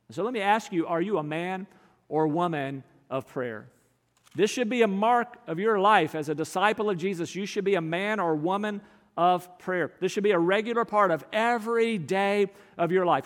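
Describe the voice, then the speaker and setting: A man preaching a sermon as pastor, earnest, slowing down to stress key phrases. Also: high voice, a bit bright, big-room sound.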